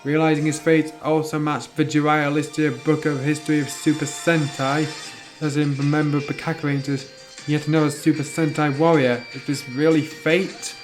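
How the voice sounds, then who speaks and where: A man's voice: on the high side, little pitch movement, normal speed, soft background music. Man reading a fan story aloud. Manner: plain reading with slips and self-corrections. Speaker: narrator.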